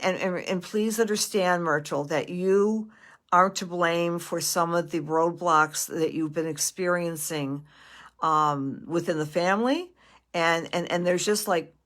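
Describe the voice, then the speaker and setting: A middle-aged woman doing a live psychic reading, gentle and affectionate, pausing and restarting often. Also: lowish voice. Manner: gentle and affectionate, calling viewers sweetie and honey; halting with many restarts and fillers. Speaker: astrologer and psychic medium.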